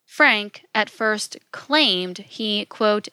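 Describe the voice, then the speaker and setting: Woman reading a script in a bright, dry tone. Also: mid-range voice, no room sound. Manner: measured, flat reading of quotes and rebuttals. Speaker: narrator. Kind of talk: scripted narration.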